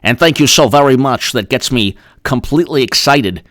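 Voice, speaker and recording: A breathy, lovesick old senator crooning sweet nothings, as a man puts him on. The delivery is slow and swooning, recorded close and dry with no room sound. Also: medium pitch, expressive, a bit bright, no room sound, natural voice.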